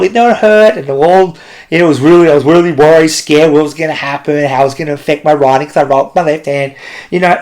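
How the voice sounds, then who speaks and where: A young adult man leading a children's ministry talk, telling a story with frequent laughter. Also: on the high side. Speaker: kids club leader.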